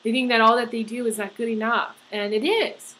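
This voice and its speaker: A woman's voice: a little high, steady tone, sharp tone, low-quality recording. Earnest woman giving a tarot reading. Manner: earnest, halting, many fillers and restarts. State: getting emotional. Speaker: tarot reader.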